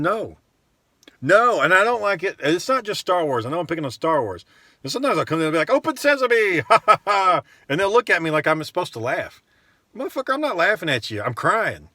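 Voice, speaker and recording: A man's voice: on the high side, bright, forceful tone, dry recording. A man, twenties or thirties, ranting casually to camera, blunt and profane, rambling with lots of fillers. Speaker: vlogger.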